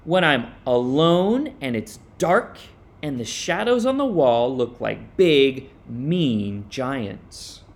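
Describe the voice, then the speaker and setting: A man playing a fearful cat from a children's storybook, confessing his fears in a slow, quiet way. The voice stays lively in pitch but unhurried. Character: scared cat, quiet and honest.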